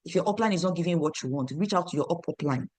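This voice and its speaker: A woman's voice: on the low side, expressive, racing, a little mellow, no room sound. Woman, team leader, motivational training talk, emphatic, repetitive, quizzes listeners, dry sound.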